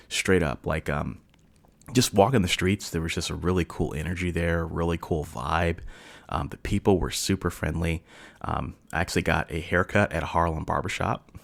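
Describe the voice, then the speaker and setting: A man with a very low, gravelly voice talks through a solo podcast episode. His telling is loose and chatty, full of fillers and restarts, with a chuckle here and there. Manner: rambling, loose delivery with many fillers and restarts. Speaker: podcast host. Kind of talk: casual solo podcast storytelling.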